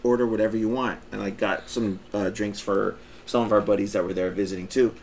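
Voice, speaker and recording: A man with a fairly low voice tells a rambling, animated story on a casual podcast, slipping into quoted voices and swearing as he goes. A faint hum of background ambience sits under his voice. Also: brisk, gravelly. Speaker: podcast co-host.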